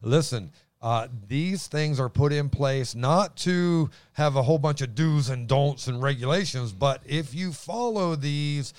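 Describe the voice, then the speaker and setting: An excitable man teaching the Bible in a casual chat, his voice booming as he stumbles over restarts. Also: unhurried, few pauses, dry recording.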